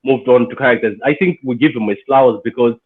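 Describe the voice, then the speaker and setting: A man guesting on a casual film review chat, speaking emphatically and getting excitable, with a husky voice. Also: medium pitch, fast talker. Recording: tinny phone-like line.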